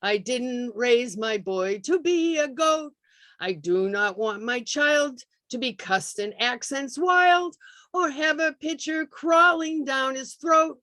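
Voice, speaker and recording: A woman voicing a proud, tearful old-fashioned mother in a slow, dramatic poem reading over a video call. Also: sits high, pushed and bright, no echo, clean studio sound, voice pushed up, exaggerated voice. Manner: slow, declaiming.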